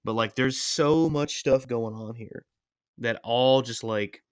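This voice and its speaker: A man's voice: medium pitch, takes it slowly, dry recording, clean studio sound. A young man co-hosting a film podcast, talking earnestly and loosely with lots of fillers. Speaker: podcast co-host. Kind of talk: casual film chat.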